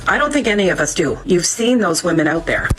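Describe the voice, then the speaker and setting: A woman's voice: fairly low pitch, sing-song, quick pace, music in the background, rough recording. An older woman speaking to camera in a vlog, candid and emphatic. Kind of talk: vlog confession.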